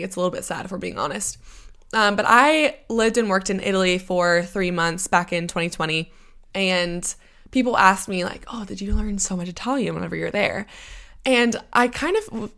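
A young woman with an American accent talks on her own in a loose, chatty way, wandering into side notes. Her pitch sits in a middle register, neither high nor low. It sounds like a casual solo podcast episode. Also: fairly bright tone. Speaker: podcast host.

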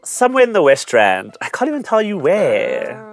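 Young man, podcast co-host, casual storytelling, very lively pitch. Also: normal speed, faint music behind. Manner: animated, teasing storyteller.

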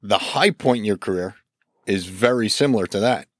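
Low-voiced co-host chiming in. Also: male voice, moderate pace, no echo, clean studio sound. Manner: chiming in with short factual asides. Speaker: podcast co-host. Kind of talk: casual podcast interview.

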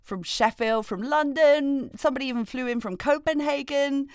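A woman co-hosting a podcast in casual chat, chatty and animated, laughing often. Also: sits high, moderate pace, no echo, studio quality. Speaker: podcast co-host. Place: West Wales.

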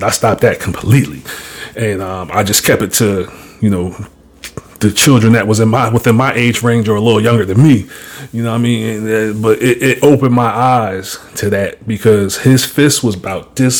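A man hosting a podcast, talking in a casual, blunt and profane way as he tells an animated story and gives his views. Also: fairly low pitch, husky. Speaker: podcast host.

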